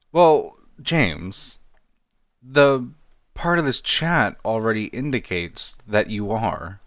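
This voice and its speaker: A man's voice: on the low side, a bit bright, no echo, highs cut off. A man giving casual commentary on chat logs, rambling with lots of "you know" and "like" and wry asides. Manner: wry, self-deprecating asides. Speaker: true-crime commentary creator.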